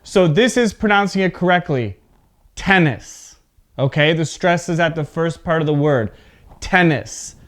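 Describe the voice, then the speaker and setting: A man whose voice is on the high side teaches an English pronunciation lesson briskly, with hardly any pauses. He is patient, often checks in with "okay?", and exaggerates word stress in his examples.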